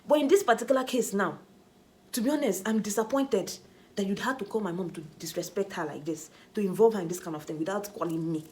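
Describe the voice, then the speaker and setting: A woman's voice: medium pitch, fast. Chatty Nigerian woman telling a story. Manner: animated, chatty, with pidgin asides. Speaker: vlogger. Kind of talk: storytelling vlog.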